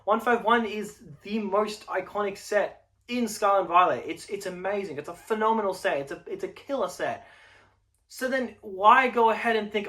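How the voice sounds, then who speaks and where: A man's voice: high-pitched, normal speed, fairly bright tone. A young man hosting his own channel, talking bluntly and emphatically in a casual way, with the odd swear. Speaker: channel host. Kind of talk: casual straight-to-camera market talk.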